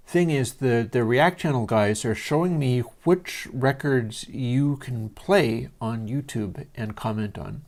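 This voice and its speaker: A man's voice: mid-range voice, a little mellow. Male host talking casually from a home studio; meandering and hesitant, with frequent fillers. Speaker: livestream host. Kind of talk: casual rambling monologue.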